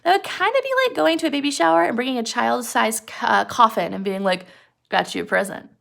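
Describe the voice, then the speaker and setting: A woman's voice: fairly high pitch, expressive, quick pace, creaky, a bit bright. A young woman casually retelling a story as a lesson, chatty with frequent fillers and rhetorical questions. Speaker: teacher explaining a story.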